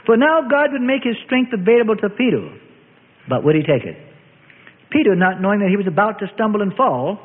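A man's voice: high-pitched, lively intonation, brisk. Man narrating a solemn Bible story. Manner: solemn storytelling with archaic phrasing. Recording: tinny phone-like audio with long reverb.

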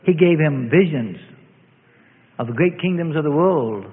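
A preacher with a fairly high, animated voice takes an unhurried pace, his sermon lurching between booming and hushed moments. The sound is lo-fi and tinny, with the reverberation of a large hall.

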